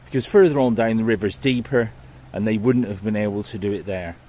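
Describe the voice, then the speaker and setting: A man's voice: on the low side, brisk, mellow. A man narrating a walking history vlog outdoors by a river, enthusiastic and marvelling. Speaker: walking vlogger. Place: outdoors by a river and woodland path.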